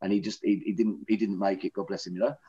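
A man's voice: low voice, level tone, fast talker, warm tone, husky. Blunt middle-aged man. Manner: blunt, candid, plain-spoken. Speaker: interviewee in recovery. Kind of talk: personal testimony in conversation. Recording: dull lo-fi recording.

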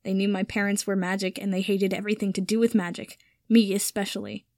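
A woman reading the lines of a guarded, quietly hurt young man who deflects and stumbles over his words. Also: mid-range voice, level tone, fast talker, no room sound, lightly acted. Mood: awkward.

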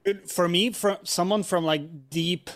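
Halting man with a slightly high voice. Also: steady tone, fairly bright tone. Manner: halting, thoughtful, many fillers. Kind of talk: casual chat.

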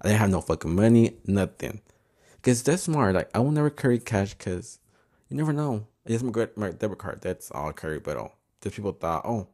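Chatty low-voiced man swearing through a story. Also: very animated, a little fast, a little mellow. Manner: chatty, swears often, slips Spanish words in. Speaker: podcast host. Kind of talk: casual storytelling monologue.

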